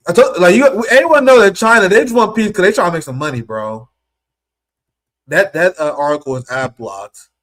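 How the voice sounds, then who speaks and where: A man's voice: high-pitched, lively intonation, normal speed, a bit bright. A man from the American Midwest giving emotional, exasperated live political commentary on his stream, swearing casually and near tears.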